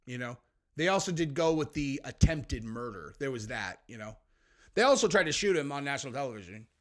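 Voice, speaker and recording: A man's voice: mid-range voice, a bit bright. A man hosting a podcast, ranting emphatically about politics in casual slang. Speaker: podcast host. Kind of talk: heated political commentary.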